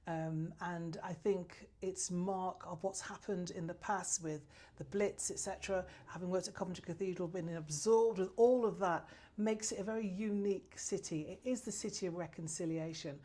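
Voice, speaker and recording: A woman's voice: fairly low pitch, steady tone, normal speed, mellow. A woman answering interview questions as a new business chamber president, passionate and effusive, with frequent restarts.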